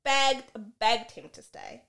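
A woman co-hosting a casual podcast, telling a story with animated delivery and acting out both sides of an argument. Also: high voice, slow, creaky. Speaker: podcast co-host.

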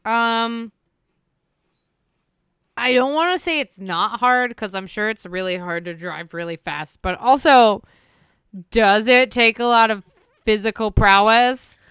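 A young woman co-hosting a casual true-crime podcast, reacting to the story with quick, surprised questions and comments. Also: a little high, fairly bright tone, clean tone, no room sound, clean studio sound.

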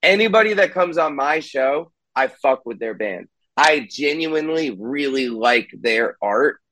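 Brief: young man, candid and animated, swears a lot, dry close sound, video-call chat. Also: medium pitch, a little slow, no echo, poor audio. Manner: candid, animated, swears freely, acts out quotes. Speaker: podcast host and band musician, guest here. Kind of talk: casual podcast chat.

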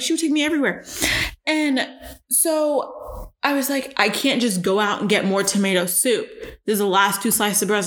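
Profane, animated young woman podcaster. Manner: animated, jumps into high-pitched voices when acting out scenes; profane, self-mocking. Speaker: podcast host. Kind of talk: casual solo podcast storytelling.

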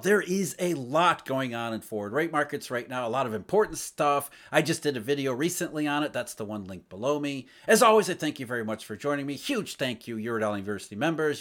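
A man's voice: quick pace, hardly any pauses. A man giving solo market commentary, emphatic, asking rhetorical questions as he explains. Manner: emphatic, rhetorical questions, lively swings in pitch and loudness. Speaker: financial commentator.

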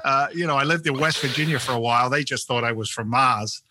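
A man's voice: medium pitch, quick pace, pushed and bright. A middle-aged man from England with a London accent mixed with American, talking animatedly as a guest in a casual interview and often repeating words as he restarts his sentences. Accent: London English mixed with American. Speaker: real estate investment CEO, guest.

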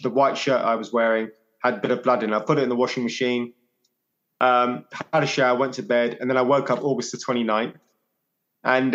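A man in his forties telling a personal story as a podcast guest, reflective and halting, often repeating his phrases. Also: mid-range voice, a bit bright, muffled recording. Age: 40s.

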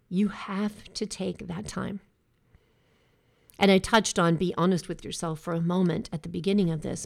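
A woman's voice: medium pitch, creaky, a little mellow. A middle-aged woman life coach giving a direct, emphatic motivational talk that mixes in casual swearing. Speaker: breast cancer survivor and life coach. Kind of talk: motivational monologue.

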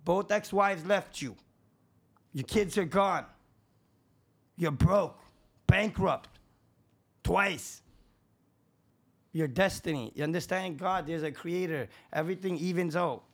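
A man's voice: sits high, slow, long pauses. A man, a contractor and podcast guest, talking in casual chat with a profane, emphatic, preachy manner.

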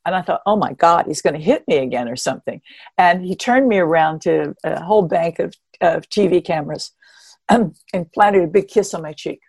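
A woman in her seventies, an interview guest and former marathon runner, telling stories in an animated, expressive way with wry humor. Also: lowish voice, moderate pace, gravelly, breathy edge, no echo. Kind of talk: conversational storytelling.

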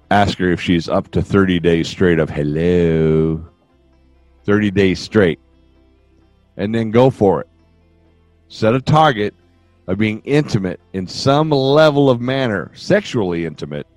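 This older podcast host's low, slightly mellow voice comes through without echo. He dispenses relationship advice in a loose, joking monologue that constantly strays into tangents.

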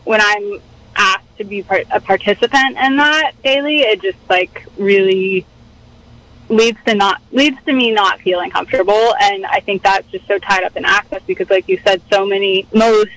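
Hesitant woman guest, bright voice. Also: medium pitch, normal speed, low-quality recording. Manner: hesitant, many "like" fillers. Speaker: podcast guest. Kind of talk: reflective conversation.

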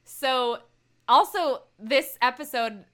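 A young woman co-hosting a casual chat, recapping a TV episode with lots of laughter and animated retelling of lines. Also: high voice, slow pace. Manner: animated, laughing often, acts out quotes. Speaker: podcast co-host recapping a TV episode.

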